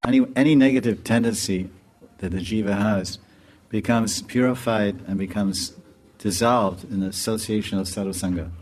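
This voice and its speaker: A man giving a storytelling sermon as a spiritual teacher, animated and laughing as he tells it. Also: on the low side, normal speed, a little hiss or hum. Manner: animated, laughs while telling.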